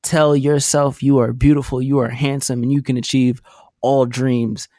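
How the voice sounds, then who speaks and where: A man's voice: mid-range voice, level tone, normal speed, dark tone, no room sound, clean studio sound. A man co-hosting a podcast in casual chat, joking and teasing with crude humor. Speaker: podcast co-host.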